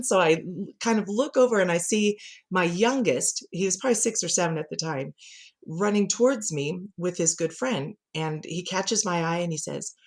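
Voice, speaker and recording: Lively middle-aged woman telling stories. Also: lowish voice, moderate pace. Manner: lively storyteller who laughs often and acts out quotes. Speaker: communication coach, guest. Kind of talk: conversational podcast interview.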